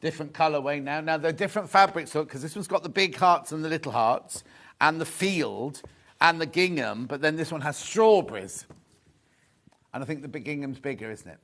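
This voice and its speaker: Gushing man, fairly high voice. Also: expressive, fairly quick, fairly bright tone. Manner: chatty and gushing, repeats phrases. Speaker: shopping show presenter. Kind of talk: live sales chat.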